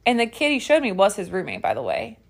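A woman's voice: mid-range voice, fast, vocal fry. A young woman in her twenties co-hosting a podcast, chatting casually, giggling often and telling stories packed with fillers. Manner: giggly, animated storytelling with lots of fillers. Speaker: podcast co-host. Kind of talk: casual chat.

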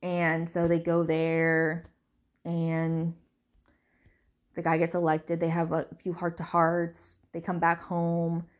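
Chatty woman with a lowish voice. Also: completely flat delivery, takes it slowly, lo-fi sound. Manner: chatty, rambling, with many fillers and restarts. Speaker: podcast host. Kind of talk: casual book recap.

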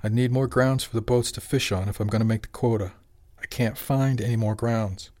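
A weary fleet boss with a low, tired voice, read by a man narrating an audiobook. He talks plainly and sighs his way through problems. The delivery stays close to the narrator's own. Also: fairly even intonation, brisk, a little mellow, natural voice.

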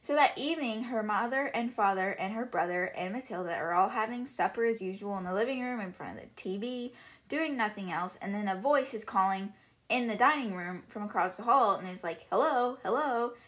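A woman's voice: medium pitch, brisk, fairly bright tone. A woman hosting a podcast, casually summarizing a book in a chatty, filler-heavy retelling. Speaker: podcast host.

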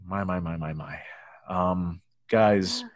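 A man's voice: deep voice, fairly even intonation, slow. A man co-hosting a casual movie review podcast, joking and acting out lines from the film in mock voices. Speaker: podcast co-host.

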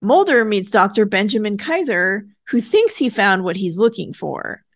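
A woman's voice: medium pitch, sing-song, normal speed. A woman co-hosting a podcast, talking in a chatty, conversational way while recapping a show. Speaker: podcast co-host. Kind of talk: casual recap chat.

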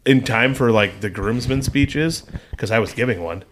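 A man's voice: medium pitch, normal speed, fairly bright tone, a little hiss or hum. A man co-hosting a casual podcast chat, retelling secondhand stories with emphatic, rambling delivery. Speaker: podcast co-host.

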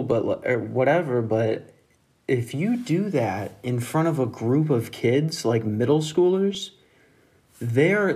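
A man's voice: medium pitch, husky. A young man rambling through a casual story on his own, swearing freely and laughing at his own jokes.

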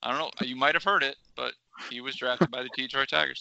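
A man co-hosting a sports talk show with a gravelly voice, bantering and teasing. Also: medium pitch, fairly even intonation, pushed and bright, no echo, lo-fi sound. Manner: quick, joking, teasing banter. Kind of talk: casual sports radio chat.

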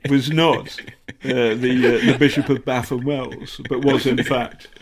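A British investigative journalist telling stories in a casual interview, halting often and acting out the people he quotes. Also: medium pitch, level tone. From Britain. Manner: halting, many fillers and restarts, acts out quotes.

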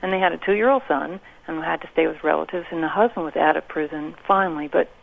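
Gravelly-voiced woman on a phone line. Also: low voice, fast. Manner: earnest storytelling, indignant. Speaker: caller. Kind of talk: radio call-in. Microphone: telephone.

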